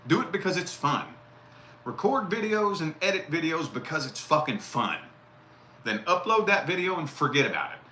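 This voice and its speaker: A man's voice: on the high side, big pitch swings, moderate pace, sharp tone. A man giving casual live tarot readings, blunt and profane, repeating his key phrases. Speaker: tarot reader. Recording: roomy echo with faint noise.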